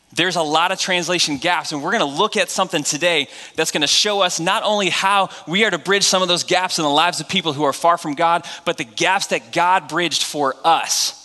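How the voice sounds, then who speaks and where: Man, New England accent, guest preacher, chatty and joking, bright tone, long church reverb. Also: fairly high pitch. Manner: casual, joking, chatty with filler words. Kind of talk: sermon. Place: church sanctuary.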